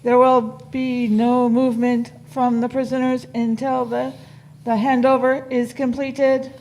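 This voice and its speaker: A woman voicing a flat, barking Dalek. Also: a little high, unhurried, low-quality recording. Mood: commanding. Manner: barked flat orders. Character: cold commanding Dalek war machine. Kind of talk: live fan radio play.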